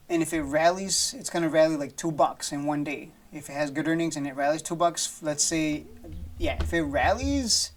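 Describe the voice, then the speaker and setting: A man giving casual stock market commentary over charts, blunt and profane, rambling with frequent restarts. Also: on the high side. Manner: blunt, swears freely, dismissive of panic; loose and rambling with many restarts and fillers.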